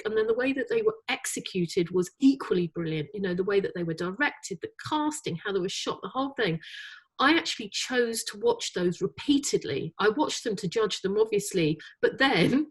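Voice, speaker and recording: A middle-aged woman chairing an advertising awards jury, answering interview questions in a lively, chatty way with many fillers. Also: medium pitch, husky. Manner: animated, many fillers, laughs easily.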